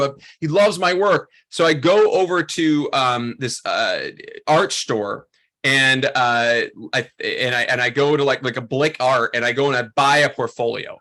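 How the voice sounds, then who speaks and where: A man teaching a photography workshop, telling a story in an animated, chatty way full of "like" and "um". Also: mid-range voice. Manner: animated, chatty, heavy use of "like" and "um". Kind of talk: storytelling lesson to a class.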